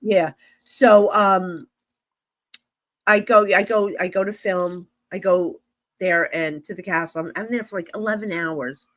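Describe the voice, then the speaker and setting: A middle-aged psychic medium with a New Jersey accent guests on a podcast, telling a lively story where she plays out the dialogue and laughs frequently. She speaks at a measured pace in a lowish voice, and there's no room sound.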